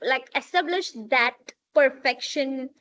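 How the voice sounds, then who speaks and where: A woman's voice: high-pitched, slow, a bit bright. A young adult woman hosting an interview podcast, enthusiastic and affirming, often chiming in with agreement. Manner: enthusiastic, affirming, frequent backchannels. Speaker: podcast host. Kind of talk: conversational interview. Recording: slightly dull, lo-fi sound.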